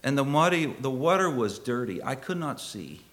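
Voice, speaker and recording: A middle-aged male preacher telling a personal story in a sermon, swinging from hushed asides to loud exclaiming. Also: medium pitch, sing-song, moderate pace.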